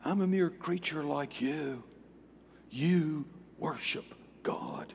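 A man voicing a horrified angel who shouts a rebuke at a kneeling man and then drops to a hush. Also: a little high, measured pace, vocal fry, slight background noise. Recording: long hall reverb.

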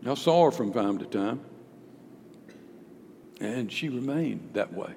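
A male pastor preaching a sermon, emphatic, swinging between loud declarations and hushed storytelling. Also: mid-range voice, lively intonation, takes it slowly, vocal fry. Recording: long hall reverb with faint background noise.

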